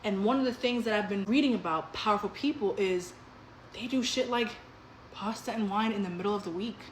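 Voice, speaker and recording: A woman's voice: mid-range voice, brisk, a little hiss or hum, lightly acted. A woman voicing her young female friend, earnest and gushing, in an echoey room. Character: young woman friend, newly self-assured.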